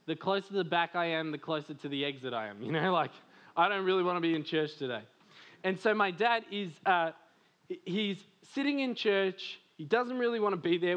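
A man from Australia preaching a sermon, animated and full of stories, laughing often and saying "like" a lot. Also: sits high, dull audio. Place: church service.

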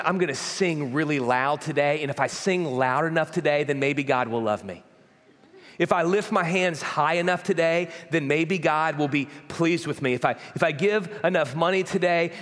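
A man's voice: high voice, a bit bright. A man preaching a sermon as pastor, in an emphatic, repetitive preaching cadence. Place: church auditorium. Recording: long hall reverb.

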